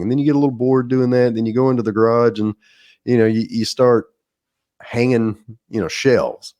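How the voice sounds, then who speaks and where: In a casual podcast monologue, a middle-aged man with a Southern drawl wanders through a folksy story, laughing at himself along the way. His mid-range voice is a little mellow, with fairly even intonation and a moderate pace.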